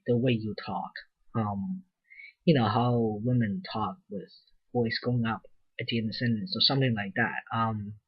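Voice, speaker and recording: A young man speaking in a casual video update, hesitant and full of pauses. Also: mid-range voice, breathy edge, lo-fi sound. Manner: hesitant, many ums and restarts. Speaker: vlogger.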